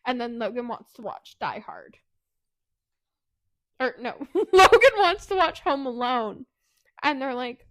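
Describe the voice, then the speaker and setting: A woman's voice: unhurried, pauses often. Giggly woman recapping a book. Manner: animated, giggly retelling, acting out characters' lines in a higher voice. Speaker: podcast co-host. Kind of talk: casual book recap chat.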